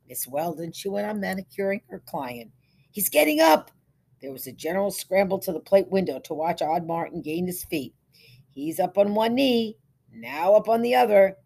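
A woman reading a short story aloud as scripted narration, in a measured storytelling manner. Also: on the low side, gravelly, warm tone. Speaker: story reader.

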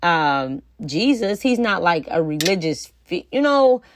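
A woman's voice: lowish voice, big pitch swings, unhurried. A woman hosting a podcast, talking through her opinions in a blunt, emphatic, profane way and often turning to the listener with rhetorical questions. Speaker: podcast host. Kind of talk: casual opinion monologue.

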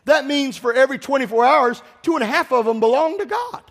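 A man preaching a sermon in a church, impassioned and swelling into shouts, putting direct questions to the congregation. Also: very high-pitched, animated, fairly quick, husky. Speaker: pastor.

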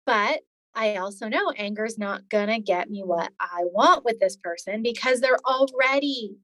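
A woman's voice: on the high side, measured pace, pushed and bright, no echo. A woman in her forties telling her own story in an interview, earnest and detailed. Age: 40s. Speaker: podcast guest.

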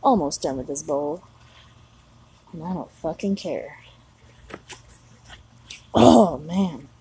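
Woman, 30s, mom vlogging outside at night; profane, blunt rambler with a low, gravelly voice. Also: animated, takes it slowly, warm tone, rough recording. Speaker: mother of young children. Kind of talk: casual solo vlog monologue. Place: outdoors at night.

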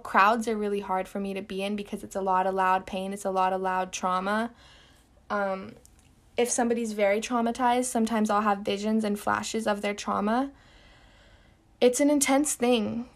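A young woman hosting a podcast, telling a personal story in an emphatic way, repeating words and swearing casually. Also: medium pitch. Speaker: podcast host.

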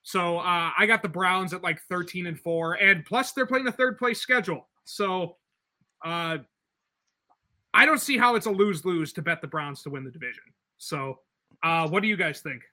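A man's voice: sits high, normal speed, pushed and bright. A young man co-hosting a casual sports podcast, arguing his picks with many fillers and restarts. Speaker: podcast co-host.

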